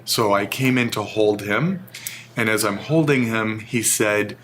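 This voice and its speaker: A man's voice: on the low side, unhurried, fairly bright tone, slight background noise. A man as an interview guest, telling a personal story in an earnest, emotional way. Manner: earnest, emotional, vivid retelling.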